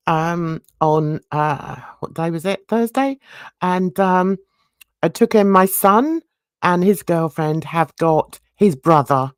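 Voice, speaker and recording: A woman's voice: low-pitched, dry recording, clean studio sound. A middle-aged woman, hosting a casual livestream and telling a rambling story with frequent laughter. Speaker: YouTube channel host.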